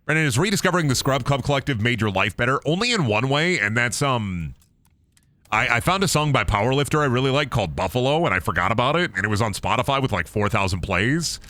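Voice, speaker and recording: A man's voice: medium pitch, animated, fast, sharp tone, no echo. A man streaming a game, rambling through profane, jokey asides. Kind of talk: casual gaming commentary.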